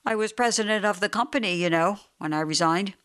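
A woman reading the lines of a restless middle-aged businessman in an audiobook, brisk and hearty when busy and flat when idle. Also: mid-range voice, clean tone, natural voice. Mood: disgusted.

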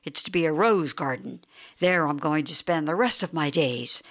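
A woman voicing a restless middle-aged businessman in a storybook reading, brisk and hearty when he has work to chase. Her voice sits a little low. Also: full character voice. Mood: wistful. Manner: brisk and hearty when busy, flat and dull when idle. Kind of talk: audiobook character reading.

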